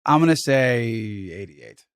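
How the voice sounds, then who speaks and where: A man co-hosting a casual film-review podcast, giving his opinions haltingly with lots of "like". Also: mid-range voice, expressive, smooth, no room sound, studio quality. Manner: hesitant, full of "like" fillers. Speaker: podcast co-host.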